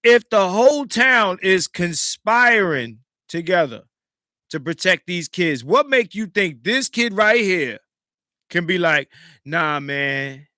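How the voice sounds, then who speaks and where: Host type: man, high and very bright voice, emphatic casual commentary, dry close mic. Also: slow pace, dry recording. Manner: animated, emphatic, swings between loud and hushed. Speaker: podcast host reacting to a clip.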